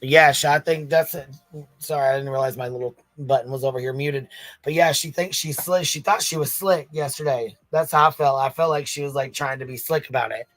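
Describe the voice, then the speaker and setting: Man, livestream panel guest, mid pitch, cursing, laughing, dry sound. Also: fairly even intonation, brisk, fairly bright tone, no echo, faint music behind. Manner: swears freely, laughs often. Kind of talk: casual chat.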